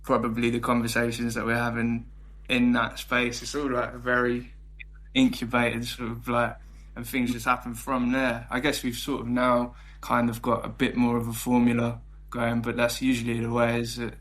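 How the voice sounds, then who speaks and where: Young London band member, very monotone, hesitant and halting in interview. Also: male voice, mid-range voice. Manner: hesitant, searching for words, flat delivery. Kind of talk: casual interview chat.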